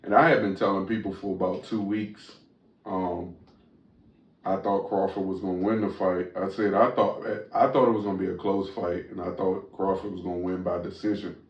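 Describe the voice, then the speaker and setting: A man's voice: sits low, flat delivery, moderate pace. A man hosting a podcast in loose casual chat, talking with frequent fillers and restarts. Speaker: podcast host. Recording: roomy, distant, dull sound.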